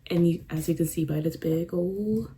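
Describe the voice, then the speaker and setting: A woman's voice: lowish voice, moderate pace, mellow, breathy edge, rough recording. A young woman chatting casually in a book vlog, rambling with lots of fillers and a little out of breath. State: a bit out of breath. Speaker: book vlogger. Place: room at home with a fan running. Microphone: camera on a stand.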